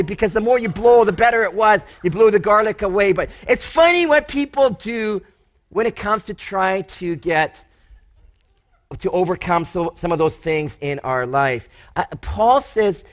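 A man preaching a sermon, telling stories and acting out the words of the people he quotes, with lively, emphatic delivery. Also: high-pitched. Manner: animated, storytelling preacher who acts out quotes. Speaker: pastor.

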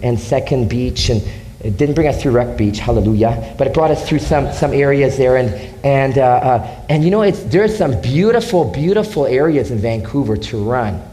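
A man's voice: medium pitch, lively intonation, normal speed, dark tone, low-quality recording. A man preaching a sermon as pastor, passionate and emphatic, repeating key phrases.

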